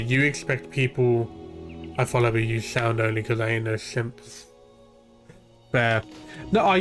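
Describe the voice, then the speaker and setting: A young man ranting and swearing freely while streaming a game, rambling from point to point. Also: mid-range voice. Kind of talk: ranting live gameplay commentary.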